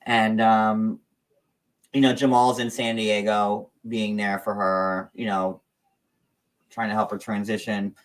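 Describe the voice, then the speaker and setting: A man's voice: lowish voice, little pitch movement, slow, recorded from a distance. A man hosting a casual gossip livestream, talking in a chatty, meandering way with lots of fillers. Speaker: show host.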